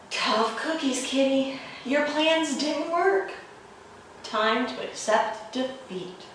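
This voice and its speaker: A woman reading a picture book aloud to children in a playful, expressive way, with roars and chuckles, recorded in an echoey room from far off. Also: sits high, slow pace, slight background noise. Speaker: children's librarian.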